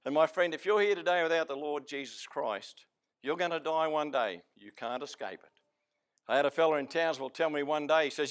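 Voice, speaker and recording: A man with an Australian accent delivers a sermon in a fairly high voice. He preaches like he is telling stories, with plain asides, and swings from loud outbursts to low, hushed lines. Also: fairly quick. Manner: folksy storytelling preaching with sudden swings between loud and hushed.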